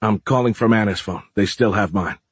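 A man's voice: lowish voice, brisk, husky, dry recording. A man doing a terse, impatient insomniac. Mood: impatient, demanding. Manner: terse, insistent. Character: sleepless, impatient man, demanding and tense.

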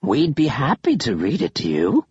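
A man voicing whispering, skull-headed library spirits who try to trade for souls, in a slow, hushed, tempting husky voice in an audiobook. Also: mid-range voice, huge pitch swings, no echo, lo-fi sound, full character voice. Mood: sinister tempting. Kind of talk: audiobook reading.

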